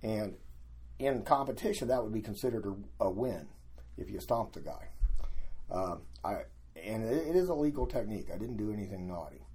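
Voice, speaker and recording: An older man, a guest, telling lively anecdotes in a casual storytelling way and acting out what other people said. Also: on the low side, a little fast, breathy edge. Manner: animated anecdotes, acting out quoted voices.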